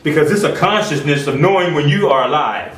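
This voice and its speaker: A man preaching with a high, lively voice that leaps up and drops low as he presses his points, folksy and emphatic. He breaks into loud outbursts, then falls to quiet asides. The sound is roomy and echoey, caught from a mic some distance away. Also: a little fast. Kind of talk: sermon.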